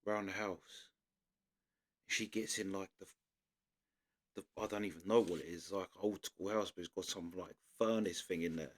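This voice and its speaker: A man's voice: low voice, steady tone, normal speed, long pauses. A man, a reaction channel host, giving rambling casual commentary full of fillers and half-finished thoughts. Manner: rambling, searching for words, frequent fillers.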